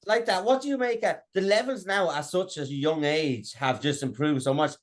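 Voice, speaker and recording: Male interviewer, slightly raised pitch, casual, halting questions with many restarts. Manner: halting, repeats words, fillers.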